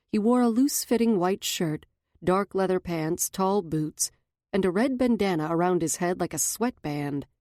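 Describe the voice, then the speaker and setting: A woman's voice: on the low side, darkish tone, dry recording, clean studio sound. A woman narrating a first-person fantasy novel in a wry, observant manner. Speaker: audiobook narrator.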